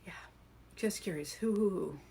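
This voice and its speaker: A woman's voice: mid-range voice, measured pace, slight background noise. A woman hosting a live coaching stream, talking earnestly and encouragingly, asking her viewers questions.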